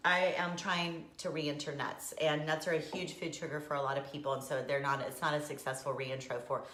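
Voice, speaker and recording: A woman chatting casually to viewers on a live video, emotional and quick to laugh. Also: low voice, steady tone, fairly bright tone. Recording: echoey room.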